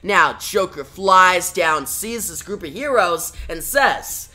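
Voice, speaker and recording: Bright-voiced comic reviewer narrating plainly. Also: mid-range voice, lively intonation, slow pace, faint music behind. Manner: plain step-by-step narration, frequent "now". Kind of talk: casual retelling of a comic issue.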